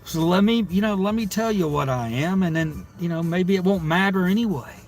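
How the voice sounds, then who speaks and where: Pitched high and speaking fairly quickly, a man running a livestream reads viewers' stories aloud. His reactions ramble, sound exasperated, and include plenty of swearing in this casual comment-reading session.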